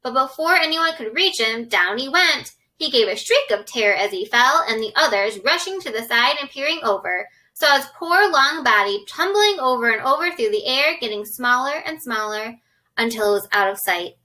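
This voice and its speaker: Bright-voiced woman reading a storybook aloud. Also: normal speed. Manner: expressive, lifts pitch for characters' shouts. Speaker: storybook reader. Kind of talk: children's book read-aloud with character voices.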